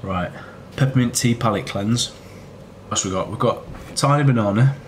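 A man's voice: medium pitch, moderate pace. Wry man vlogging over ambient noise. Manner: wry, chatty food-tasting asides. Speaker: travel vlogger. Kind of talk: casual vlog commentary. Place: tropical beach resort.

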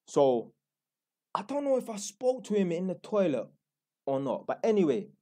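A man's voice: sits high, sing-song, moderate pace, warm tone. A young man with a London accent telling a rambling, slangy story in a blunt, casual way. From London, England. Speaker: YouTuber.

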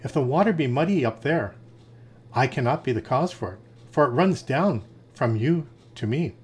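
A man's voice: mid-range voice, expressive, normal speed, a little mellow, husky. A man doing a meek little lamb. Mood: pleading.

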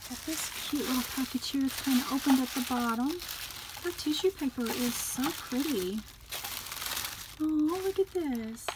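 A woman chatting casually as she unboxes craft gifts on her vlog, gushing with delighted exclamations and often dropping to a soft, near-whispered voice. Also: sits high, a little slow, noisy background. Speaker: craft vlogger unboxing a gift swap.

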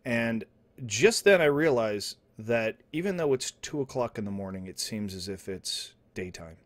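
Deadpan rambling man telling a tall tale. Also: normal speed. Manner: rambling, with restarts and asides, swinging from low mumbles to loud outbursts. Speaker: storyteller. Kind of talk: deadpan absurd comedy storytelling. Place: indoor home setup, streaming.

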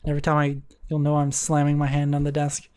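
A woman's voice: sits low, completely flat delivery, fast talker, dark tone. A woman reading a visual novel aloud and breaking off for playful, joking commentary. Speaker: let's play narrator. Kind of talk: casual game commentary.

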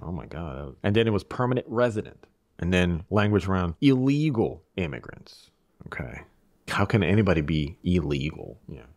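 A man from Eastern Europe talking as a podcast guest in casual, reflective conversation, measured and restarting his phrases as he thinks. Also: low-pitched, vocal fry, no room sound, studio quality.

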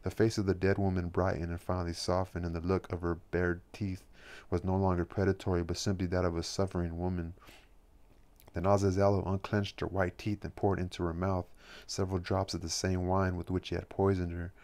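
A man reading a classic novel aloud at a steady, measured pace. His voice is very deep and keeps a flat, even pitch throughout. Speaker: audiobook reader.

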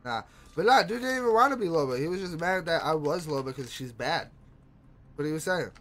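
A young man chatting casually while gaming, excitable, swearing a lot and laughing often. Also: a little high, brisk. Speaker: gamer streamer.

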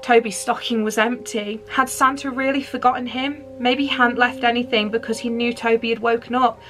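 A woman's voice: on the high side, steady tone, brisk, a bit bright, faint music behind. A woman hosting her channel, reading a Christmas story aloud with playful, chatty asides to her listeners.

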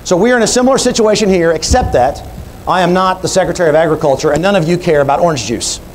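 A man's voice: high-pitched, quick pace, a little hiss or hum, poor audio. A man speaking at an industry conference, telling a story and walking through numbers in an explanatory way. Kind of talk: keynote speech. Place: conference hall.

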